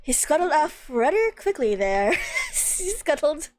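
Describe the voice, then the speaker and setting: Lively high-voiced woman streamer. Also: measured pace, slight background noise. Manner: lively, giggly, reads with animated voices. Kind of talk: game playthrough, reading dialogue aloud. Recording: faint game music behind.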